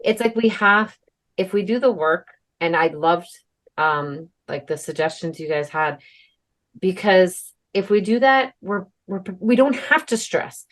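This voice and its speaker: Young adult woman, podcast co-host; lower pitch, casual rambling storyteller. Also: lively intonation, measured pace. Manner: chatty storytelling with many fillers and swearing. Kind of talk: casual chat.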